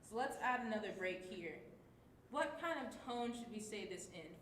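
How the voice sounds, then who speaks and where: A woman with lively intonation and a moderate pace teaches a livestreamed class, reading aloud, encouraging students, and marking the tone for each line. The recording has an echoey room with a faint rumble.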